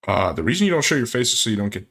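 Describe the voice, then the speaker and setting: A man's voice: mid-range voice, big pitch swings, rapid-fire, a bit bright. A man giving casual, sarcastic reaction commentary on a video, breaking in with incredulous asides.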